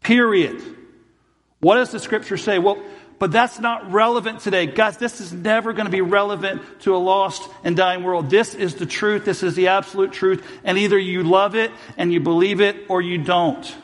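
A man's voice: high-pitched, fairly even intonation, moderate pace. Storytelling male pastor in a reverberant church. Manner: storytelling, acting out both sides of arguments. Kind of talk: sermon.

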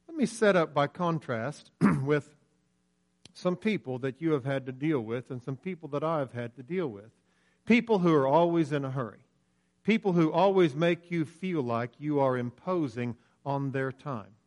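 A man preaching a sermon earnestly, slowing down and swinging his voice up and down for emphasis. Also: medium pitch, a little mellow. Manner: earnest, rises and falls sharply for emphasis, slows on key lines.

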